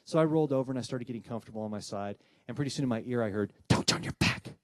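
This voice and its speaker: A man who works as a paranormal investigator, telling a personal ghost story with animated, dramatic delivery and acting out the voices of people in the story. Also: medium pitch, no room sound. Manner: dramatic pauses and tension building.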